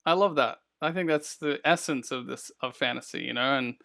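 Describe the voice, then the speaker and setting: A man's voice: mid-range voice, fairly quick, vocal fry, pushed and bright. A man hosting a podcast, chatting casually and rambling with lots of "like" and "you know". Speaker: podcast host. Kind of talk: casual interview chat.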